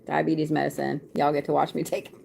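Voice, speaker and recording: A woman's voice: sits low, level tone, brisk, vocal fry, darkish tone, a little hiss or hum. A woman, chatting casually on a live stream as a card reader, laughing often and swearing freely.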